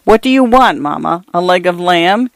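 A woman's voice: fairly low pitch, lively intonation, normal speed, vocal fry, dry recording. A woman voicing a boisterous grown son who cries out mockingly at his mother in a raised voice. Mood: taunting.

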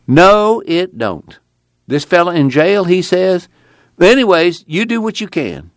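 A man doing a fervent high-voiced preacher. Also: animated, measured pace, dry recording, clean studio sound. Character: excited earnest rural preacher man. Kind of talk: audiobook character voice.

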